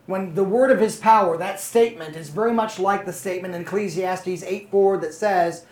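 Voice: mid-range voice, normal speed, hardly any pauses, a little mellow. Conversational Bible study teacher in an echoey room. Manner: conversational, often checks in with "okay?" and "are you following?". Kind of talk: Bible study lesson to a small group.

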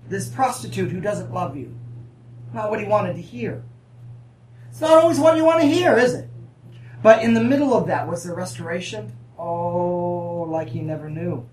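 Preacher for a live church sermon: conversational and playful, pauses for call-and-response, recorded from a distance in a roomy hall with faint background noise. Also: medium pitch, lively intonation, a little mellow. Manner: call-and-response, asking the congregation for amens; conversational, with humorous asides and laughs. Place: church sanctuary.

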